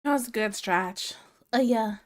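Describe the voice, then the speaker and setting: A woman streamer chatting casually while she draws, frank, teasing and quick to giggle. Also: fairly high pitch. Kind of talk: casual chat while drawing.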